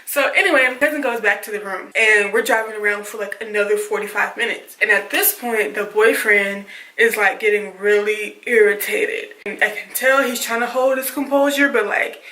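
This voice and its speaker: A woman vlogger telling a dramatic story casually, in an animated way with lots of fillers. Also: medium pitch, normal speed, reverberant, poor audio.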